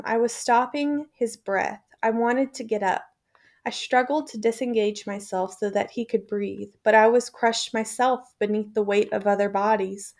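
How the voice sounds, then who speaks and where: A woman's voice: medium pitch, a little mellow. Woman reading a memoir aloud, somber. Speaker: audiobook reader.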